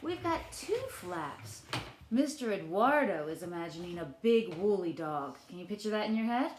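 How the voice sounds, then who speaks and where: Teacher lady reading a kids book slow, bouncy voice, echoey room. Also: fairly low pitch, very animated, slight background noise. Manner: gentle, questioning, playful voices for characters. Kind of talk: children's read-aloud lesson.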